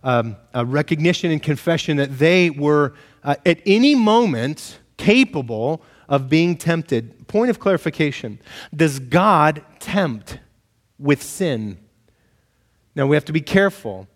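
A male pastor preaching a sermon with animated storytelling, sometimes acting out shouted back-and-forth exchanges. His voice sits a bit high. It rings out with a long reverb tail, as if he is in a large room. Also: measured pace.

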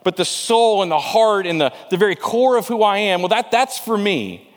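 A man's voice: high-pitched, animated, moderate pace, in a large hall. A man preaching a sermon in a conversational way, asking rhetorical questions and often repeating words as he goes. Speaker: pastor.

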